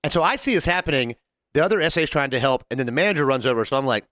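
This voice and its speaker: A man talks quickly with a lively, swooping delivery, acting out the voices of customers and coworkers. He is recorded close and dry, in a casual podcast conversation with a friend. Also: medium pitch, no room sound. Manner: animated storyteller, acts out quotes. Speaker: podcast co-host, bartender. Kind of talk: casual chat.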